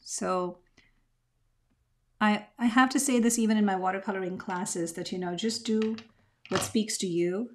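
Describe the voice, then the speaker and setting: A woman talks viewers through her mixed media art process in a relaxed tutorial voice. She sounds reflective and often pauses to search for the right words. Her pitch sits in a medium range. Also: a little hiss or hum. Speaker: art teacher. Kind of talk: craft tutorial narration.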